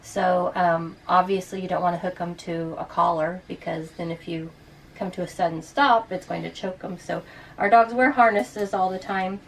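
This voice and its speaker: A woman's voice: fairly low pitch, fairly even intonation, moderate pace, creaky. Chatty woman showing her motorhome. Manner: chatty, explaining with demonstrations. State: out of breath. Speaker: RV vlogger. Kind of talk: casual walkthrough of a motorhome. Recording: distant mic, faint ambient noise.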